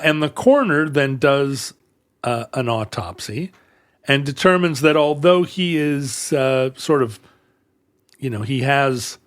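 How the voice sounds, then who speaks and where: A man's voice: medium pitch, dry recording. A man co-hosting a comedic podcast, telling a true story in a rambling, jokey way. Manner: rambling, jokey, playful asides. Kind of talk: casual comedic podcast chat.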